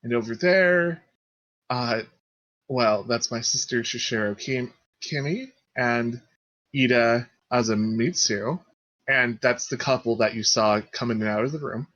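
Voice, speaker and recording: A man's voice: mid-range voice, a little slow, a bit bright, highs cut off, natural voice. A man voicing a slightly drunk but courteous nobleman welcoming guests to a party. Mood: genial. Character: tipsy polite nobleman host at a party.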